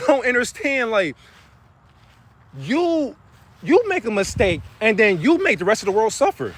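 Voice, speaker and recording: A man talking casually on a live spiritual stream, loose and profane with street slang, breaking into animated preaching. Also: high voice, unhurried, long pauses, no echo.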